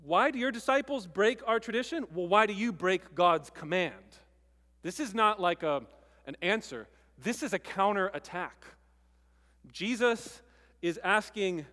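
This is a man giving a sermon in a relaxed, conversational style, pressing hard on key words. His voice sits high. The sound carries a long reverb, as in a large church hall. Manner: conversational preaching, emphatic with pauses. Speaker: pastor.

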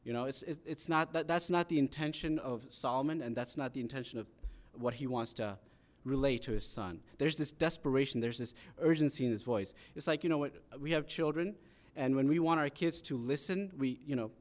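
A man's voice: mid-range voice, fairly quick. A man preaching a sermon in an earnest, conversational teaching manner, pressing harder when he stresses a point. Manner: earnest, conversational teaching with rising emphasis on pleas.

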